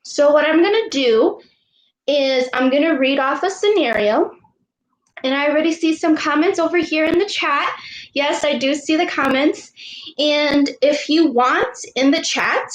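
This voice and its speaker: A woman coach teaching a live online lesson to girls, patient and encouraging, repeating each question slowly for the kids. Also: sits high, reverberant, low-quality recording. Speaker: youth sports coach.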